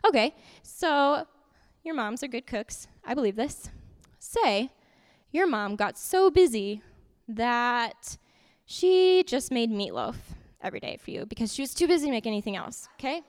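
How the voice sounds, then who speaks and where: A woman giving an interactive youth sermon in a church hall, lively and repeating her points to keep the group's attention. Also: a little high, measured pace. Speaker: youth teacher. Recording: long hall reverb.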